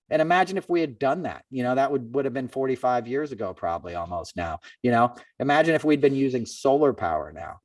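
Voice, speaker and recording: A man hosting a podcast, telling a long story in a loose, chatty way. He jumps higher when he quotes others and sits a little back from the mic. The room sound is dry. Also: dry recording, far from the mic. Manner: animated, acts out quoted people in a raised voice. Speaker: podcast host. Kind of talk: casual storytelling chat.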